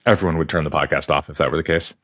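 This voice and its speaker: A man's voice: a bass voice, fairly even intonation, racing, a bit bright. A man co-hosting a podcast from a hotel room, talking in a thoughtful, rambling way with restarts. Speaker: podcast co-host. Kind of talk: casual chat.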